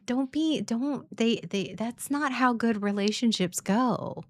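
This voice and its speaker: A woman's voice: on the high side, takes it slowly, no echo. Brief: frank woman in her thirties, casual stream talk, swears freely, dry close sound. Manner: candid, profane, laughing often. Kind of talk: casual livestream monologue.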